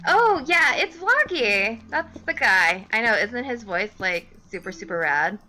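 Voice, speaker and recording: A woman streaming a game with a high, bright voice that swings widely in pitch. She talks at an unhurried pace, giggles easily and warmly thanks her viewers. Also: very animated, a little hiss or hum. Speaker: livestreamer greeting chat. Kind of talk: casual live gameplay chat.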